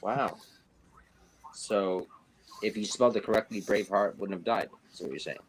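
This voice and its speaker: A man's voice: on the low side, normal speed, a little hiss or hum, low-quality recording. A man hosting a casual livestream chat, joking and stretching out words for emphasis. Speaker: host.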